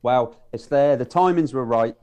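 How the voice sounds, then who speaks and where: A man's voice: medium pitch, normal speed, a little mellow, clean tone. A man co-hosting a podcast, chatting casually about films in a plain-spoken, easygoing way. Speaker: podcast co-host.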